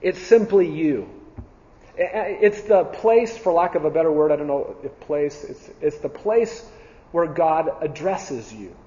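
A man with a slightly raised voice teaches a Bible class, earnest and repetitive, pausing on ums and restarting phrases. His voice carries a long hall reverb and sounds a little dull and muffled. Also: a little high, animated, dark tone. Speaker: church teacher.

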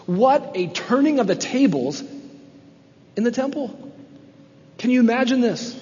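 A man's voice: extremely high pitch, expressive, unhurried, pauses often. A man preaching an expository sermon who turns dramatic and emphatic when he voices the characters in the text. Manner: dramatic, swings from quiet explanation to loud, emphatic voicing of characters. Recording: long hall reverb, dull lo-fi sound.

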